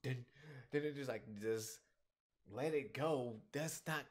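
A man giving casual reaction commentary on a webcomic chapter, talking in an animated, slangy way and laughing often. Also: mid-range voice, slow pace.

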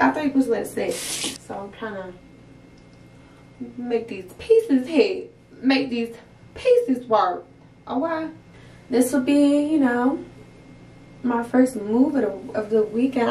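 A woman's voice: mid-range voice, a little hiss or hum. A young woman from Pennsylvania chatting playfully to her viewers in a casual vlog. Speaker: vlogger. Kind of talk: casual vlog chat to camera.

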